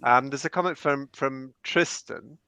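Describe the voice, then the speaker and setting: A man's voice: mid-range voice, measured pace, sharp tone, clear, resonant tone, dry recording. Teasing man hosting a live panel. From Bradford, England. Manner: teasing, playful. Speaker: panel show host.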